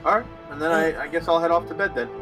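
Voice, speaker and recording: A man's voice: on the high side, quick pace, over music. A man playing a tabletop game, joking around and working through details aloud. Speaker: player. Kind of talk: casual tabletop game play.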